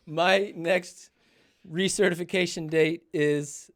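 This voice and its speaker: A man's voice: mid-range voice, unhurried. A man talking casually on a livestream, nervous and jittery, narrating what he does while speaking to his family off-mic. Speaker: streamer revealing exam results.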